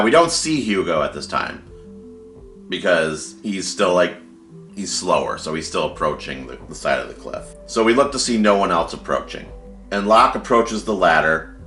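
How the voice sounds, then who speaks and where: A man's voice: sits low, sharp tone, reverberant. A man casually retelling a story he wrote, with fillers like "like" and "kinda". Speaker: fan storyteller.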